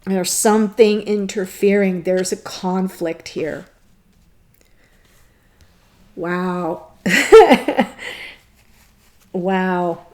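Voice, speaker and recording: A woman's voice: on the low side, extremely slow, a little mellow. A woman giving a tarot reading to camera, gushing and tearful, laughing through her emotion. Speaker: tarot reader.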